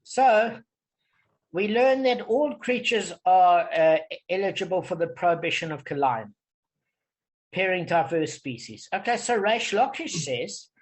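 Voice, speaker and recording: Man, higher-pitched voice, leads a relaxed study group over a video call and pauses to check understanding. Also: rough recording. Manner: explains patiently, checks in with "okay?". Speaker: Talmud study leader. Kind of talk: informal online study group.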